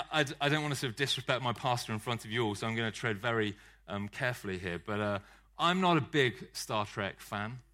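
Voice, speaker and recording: A man's voice: medium pitch, bright, forceful tone. A man preaching a sermon in a conversational style, joking and poking fun at himself. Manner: conversational, joking, self-deprecating.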